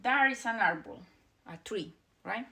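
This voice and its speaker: A woman's voice: on the high side, lively intonation, a little slow, sharp tone. A young woman whose first language is Spanish, teaching a beginner language lesson and patiently drilling each vowel and word over and over.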